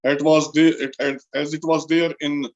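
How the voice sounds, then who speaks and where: A male college lecturer from India with an Indian English accent, slowly explaining a literature lesson and repeating key terms for emphasis. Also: on the high side, flat delivery, dull audio.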